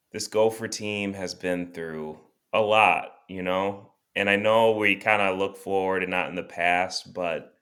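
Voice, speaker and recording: Low, slow-talking man giving a pep talk. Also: bright, forceful tone, smooth. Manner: rallying pep-talk delivery. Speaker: podcast co-host. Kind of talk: casual sports podcast chat.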